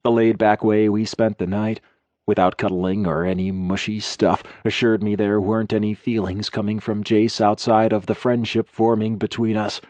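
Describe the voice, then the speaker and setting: A man's voice: lowish voice, level tone, moderate pace, a little mellow, dry recording. A man reading a first-person romance audiobook in a wry, conversational way, close to the mic. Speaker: audiobook narrator.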